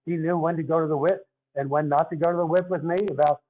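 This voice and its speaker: A man's voice: on the high side, fairly even intonation, quick pace, warm tone, low-quality recording. An older man with a Philadelphia accent, a guest telling stories in an earnest, conversational way. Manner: earnest, storytelling. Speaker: guest, retired basketball referee. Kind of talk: casual interview talk.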